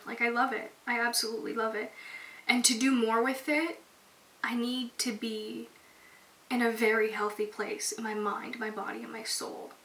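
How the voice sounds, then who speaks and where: Her voice is fairly high and a bit bright, with flat delivery at normal speed, as this young woman talks through her own podcast. She's open, emotional and casual, saying "like" often in a candid monologue. Faint hiss, a distant mic and a roomy echo mark the audio.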